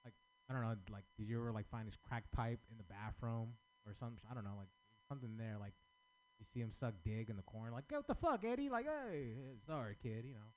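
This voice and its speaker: A man's voice: on the low side, fairly even intonation, fast talker, a little mellow, slight background noise. A man giving another comic feedback in a rambling, hesitant way, riffing on crude ideas. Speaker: fellow comedian giving feedback. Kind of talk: casual chat.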